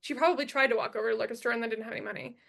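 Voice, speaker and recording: High-voiced woman telling a raw story. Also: racing, vocal fry, fairly bright tone. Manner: emphatic, blunt and profane, repeats key lines. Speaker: podcast guest. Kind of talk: storytelling in a podcast conversation.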